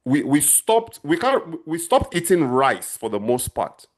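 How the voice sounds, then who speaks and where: A man's voice: on the high side, very animated, unhurried. A middle-aged man from Nigeria, chatting casually on a livestream and talking straight to his viewers. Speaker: channel host answering viewers.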